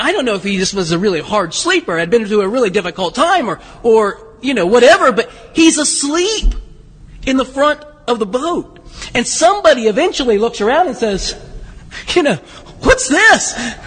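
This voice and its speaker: A man's voice: extremely high pitch, big pitch swings, moderate pace, a bit bright, slightly rough, big-room sound. A male pastor preaching a sermon in a church in a conversational way, asking the congregation questions. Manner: conversational, asks the congregation questions, frequent restarts.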